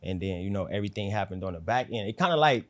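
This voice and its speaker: A laid-back man in casual interview chat, speaking low and calm, sometimes close to a whisper. His talk is loose and unhurried, full of slang and easy fillers. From South Central Los Angeles. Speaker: rapper, interview guest.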